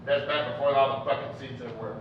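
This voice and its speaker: A man's voice: medium pitch, steady tone, quick pace, noisy background. A man preacher giving a folksy, joking sermon in a conversational storytelling manner. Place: church hall. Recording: echoey, distant, dull church recording.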